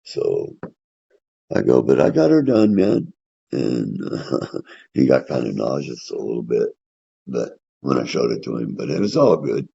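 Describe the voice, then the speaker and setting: Old guy with a gravelly, husky voice, rambling casual war stories, lo-fi sound. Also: rumbling low, animated, measured pace, long pauses. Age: older. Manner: plainspoken, rambling, dark humor. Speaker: veteran telling his story. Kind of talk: casual storytelling. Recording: dull lo-fi recording.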